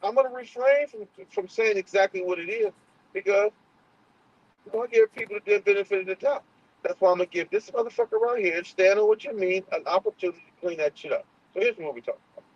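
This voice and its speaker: Fired-up guy ranting on his stream, kinda high voice, muffled audio. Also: very animated, fast talker. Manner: heated, profane, restarts often. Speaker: channel host. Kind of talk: casual livestream talk. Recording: muffled lo-fi sound.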